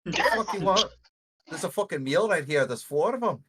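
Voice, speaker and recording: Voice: medium pitch, lively intonation, moderate pace, a bit bright, slightly rough, voice pushed up. A player voicing a blunt, menacing predator. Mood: coaxing. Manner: coaxing, then threatening, casual swearing.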